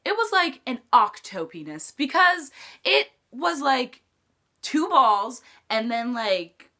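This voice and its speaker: Teen girl telling storytime stuff, real high and bright, says like a lot. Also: very animated, takes it slowly. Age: teens. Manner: chatty, lots of "like" fillers. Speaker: vlogger. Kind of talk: casual storytime chat.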